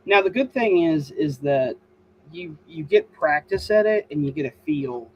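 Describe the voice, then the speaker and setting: A man who is an author and host, chatting casually and telling stories with lively, exaggerated mimicry. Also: moderate pace, lo-fi sound, a little hiss or hum. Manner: animated storyteller, mimics voices with high-pitched exaggeration. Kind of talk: casual podcast chat.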